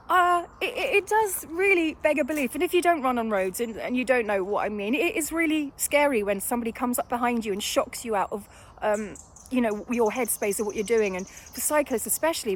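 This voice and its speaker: A woman telling a story after a run outdoors, a bit out of breath, exasperated and animated as she acts out a quarrel. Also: a little high, a little hiss or hum. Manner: exasperated, animated retelling with quoted dialogue. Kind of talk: casual storytelling vlog.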